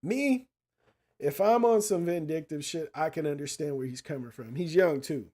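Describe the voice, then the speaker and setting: A man's voice: on the high side, moderate pace, mellow. A man hosting a casual commentary show, talking bluntly with lots of swearing and street slang as he retells a story and gives advice. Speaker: podcast host.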